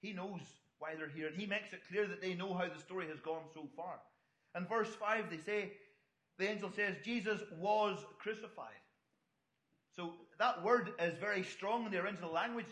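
In an echoey hall, a middle-aged man preaches a sermon in a conversational way, full of storytelling asides to the congregation. His voice is high-pitched, brisk, and a bit bright.

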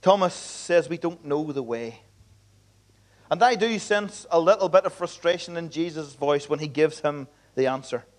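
A man's voice: on the high side, fairly even intonation, normal speed, hardly any pauses. A man preaching a sermon in church as pastor, speaking earnestly and emphatically with repeated appeals to his congregation.

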